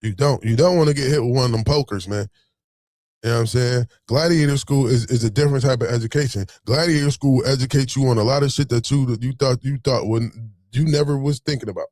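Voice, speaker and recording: A man telling a story in a casual, animated, streetwise way, swearing freely. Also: medium pitch, fast, no echo, studio quality.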